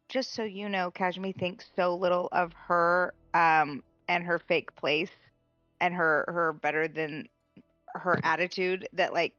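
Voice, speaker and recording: A woman playing a tabletop game, chatting in a casual, blunt and animated way. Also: low voice, no echo, muffled recording. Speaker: player.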